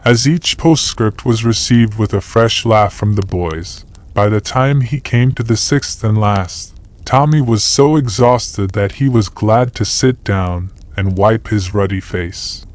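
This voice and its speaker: A man narrating a classic novel as an audiobook in a measured storytelling manner. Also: on the low side, no room sound.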